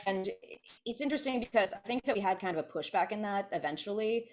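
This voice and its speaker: A woman's voice: medium pitch, animated, fast, a little mellow, soft background music. A woman from California in her thirties, a podcast guest chatting casually and often restarting her sentences. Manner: chatty, self-interrupting, many restarts. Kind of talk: casual conversation.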